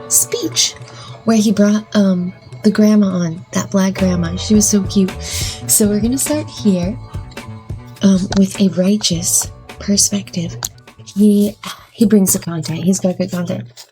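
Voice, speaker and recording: A chatty woman hosting a reaction vlog, taking her time and giggling between thoughts. She fills her pauses with um, and music plays clearly behind her voice. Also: mid-range voice, dark tone. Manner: chatty and giggly, says um a lot. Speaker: vlog host. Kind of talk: casual reaction commentary.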